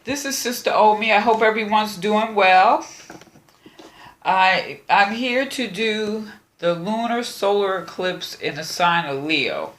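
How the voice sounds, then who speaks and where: A woman giving a casual astrology and tarot reading, speaking slowly and calmly with gentle, repeated advice. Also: mid-range voice. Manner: slow, unhurried, repeats phrases, gentle advice.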